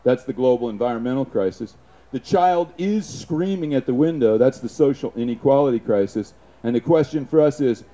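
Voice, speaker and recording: A man giving an impassioned, profane public speech, punctuated with shouted sound effects. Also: medium pitch, expressive, moderate pace.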